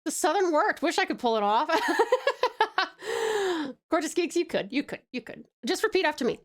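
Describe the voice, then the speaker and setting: Australian woman streamer, high lively voice, giggly chat. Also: a little slow. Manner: giggly and playful, laughs often. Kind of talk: casual chat reading stream chat.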